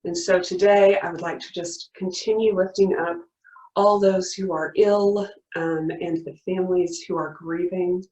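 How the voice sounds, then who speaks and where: A woman leading a worship service, reading a story aloud and then praying, in an earnest, gently emphatic way with repeated refrains. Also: lowish voice, steady tone, measured pace, dull audio. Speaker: worship leader. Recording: roomy sound from a distance.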